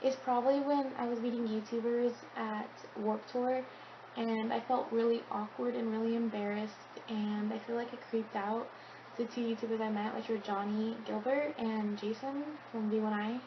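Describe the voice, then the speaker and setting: Hesitant teenage girl, quick bursts. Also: fairly high pitch, steady tone, dull audio, background noise. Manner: hesitant, filler-heavy, speeding up. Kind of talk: casual Q&A chat.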